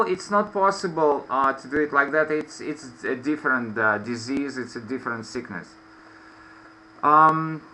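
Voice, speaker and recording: Slow, bright-voiced male teacher. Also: medium pitch, rough recording. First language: Russian. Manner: slow, explaining patiently with many fillers. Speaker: English teacher. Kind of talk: online lesson. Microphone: video call.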